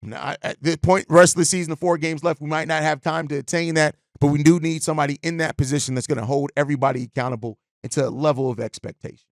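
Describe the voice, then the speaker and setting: Male sports host, emphatic, slightly high voice, dry close sound. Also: fairly even intonation, quick pace, no room sound. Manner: passionate, emphatic, repetitive phrasing. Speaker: podcast host. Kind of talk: sports talk commentary.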